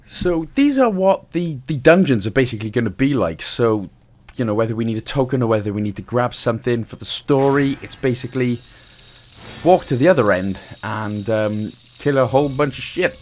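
A man's voice: mid-range voice, expressive, moderate pace, a little mellow. A man with a Welsh accent giving a casual, jokey game walkthrough, swearing now and then. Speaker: gaming guide host.

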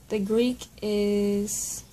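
A woman's voice: medium pitch, warm tone, slight background noise, low-quality recording. A woman hosting a casual Bible study at home, chatty and apologetic, spelling out words letter by letter.

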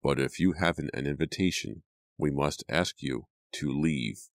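A man's voice: rumbling low, a little slow, dry recording, clean studio sound. A man voicing a cold, falsely polite young servant who turns away a guest.

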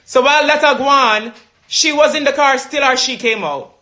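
A woman hosting a live stream, asking gentle, probing questions. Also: high voice, normal speed. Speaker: live show host.

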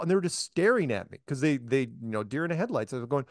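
A man's voice: mid-range voice, fast, dry recording, studio quality. A man hosting a casual chat, telling a long story and acting out the voices of the people in it. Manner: animated storyteller, acts out quoted voices. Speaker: host.

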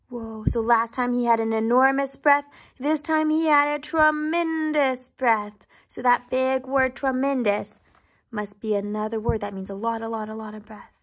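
A woman reading a storybook aloud to children, pausing to ask questions and dropping into soft whispered asides. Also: fairly high pitch. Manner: gentle, asks the listener questions, whispered asides.

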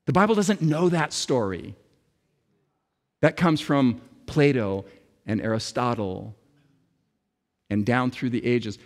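Male preacher, slow, deliberate sermon delivery with dramatic pauses, long hall reverb. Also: mid-range voice.

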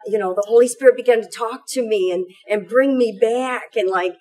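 A middle-aged woman gives a heartfelt personal testimony. Her voice sits a little high and is husky. She rushes through her story with fervor, piling on fillers as she goes. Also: a little mellow, poor audio. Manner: fervent, tumbling storytelling with many fillers. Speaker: parishioner giving a testimonial.

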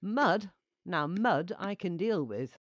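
A woman's voice: on the low side, expressive, slow pace. A woman voicing a clumsy, cheerful male mop who talks eagerly and stammers, with a noisy hiss behind her.

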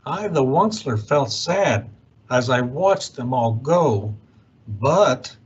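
Man, storybook read-aloud, unhurried, lively pitch, dull lo-fi sound. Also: breathy edge. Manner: expressive rhyming read-aloud, swooping delivery. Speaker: youth organization director.

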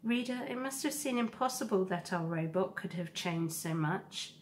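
A woman teacher reading a children's novel aloud to a class in a slow, steady storybook manner. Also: lowish voice, a little hiss or hum.

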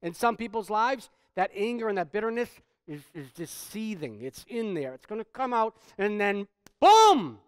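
A man pastor preaching a sermon, swinging from quiet stretches to loud, emphatic preaching. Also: high-pitched, animated, normal speed, hardly any pauses, smooth, dry recording, studio quality.

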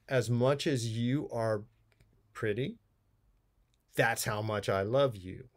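A man's voice: medium pitch, slow. Man giving a chatty poetry lecture. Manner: conversational, playful asides while explaining poems. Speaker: college English teacher. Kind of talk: recorded video lecture.

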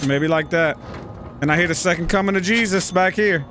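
A man's voice: high-pitched, a little fast, bright, forceful tone, a little hiss or hum. A young adult American man giving profane, joking commentary as he plays a video game and reads game text aloud. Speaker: gaming YouTuber.

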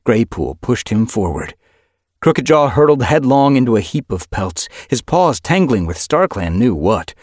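Brief: male audiobook narrator, low husky voice, lively and dramatic. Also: dry recording, studio quality.

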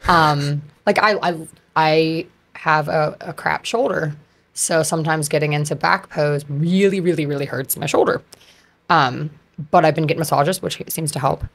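A low-pitched woman in her thirties chats as a podcast guest, animated and full of fillers. Her voice sits deep for a woman, and she runs her thoughts together as she talks. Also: moderate pace. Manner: chatty and animated, many fillers. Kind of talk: casual conversation.

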